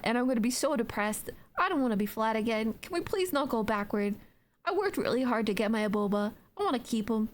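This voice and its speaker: Playful, rambling young woman streamer. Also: on the high side. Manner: rambling and playful, with many "like" fillers and yawning. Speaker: Twitch streamer. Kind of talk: casual live-stream chat, reading chat aloud.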